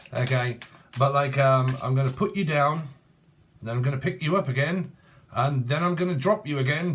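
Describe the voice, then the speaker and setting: A man giving a rambling, playful tarot reading, free-associating and laughing often. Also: mid-range voice. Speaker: tarot reader.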